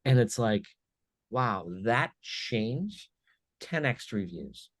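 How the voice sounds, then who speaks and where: A man on a podcast as a guest, chatting casually and telling animated stories with little acted-out bits of dialogue. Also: mid-range voice, slow pace, dry recording. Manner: animated storyteller who acts out little dialogues. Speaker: podcast guest, business owner. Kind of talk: casual conversation.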